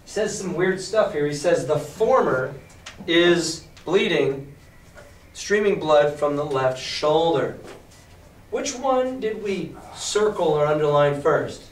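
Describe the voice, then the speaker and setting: Man, teacher, lively classroom reading, emphatic, distant mic, faint room noise. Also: a little high, takes it slowly. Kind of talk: reading aloud and explaining to a class. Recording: echoey classroom from far off.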